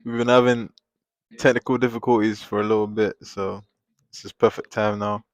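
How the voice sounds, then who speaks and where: A man chatting casually on a live drawing stream, rambling and venting in animated bursts at a desk microphone at home. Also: on the low side, moderate pace, no room sound. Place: home, at a table.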